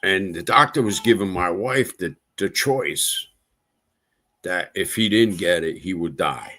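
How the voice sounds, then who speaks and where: A man's voice: low-pitched, animated, unhurried, pushed and bright. A man hosting a livestream, venting in a casual monologue with exasperation and repeating himself for emphasis. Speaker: livestream host.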